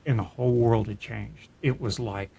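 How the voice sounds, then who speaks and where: A lowish, steady, creaky voice with a breathy edge belongs to a middle-aged man co-hosting a podcast, moving at a moderate pace. He tells a personal story casually, earnest and reflective, often restarting and laughing softly.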